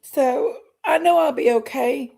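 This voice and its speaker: Gravelly-voiced woman, emotional. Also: on the high side, fairly even intonation, dark tone. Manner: emotional, halting, sighing between phrases. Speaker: livestream host. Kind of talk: casual livestream chat.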